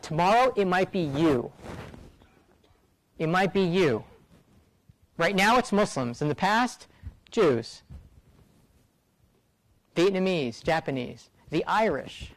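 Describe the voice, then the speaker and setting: A man's voice: fairly high pitch, lively intonation, unhurried, pauses often, no echo, low-quality recording. A middle-aged man, a rural doctor, speaking earnestly to a student audience, often repeating words for emphasis.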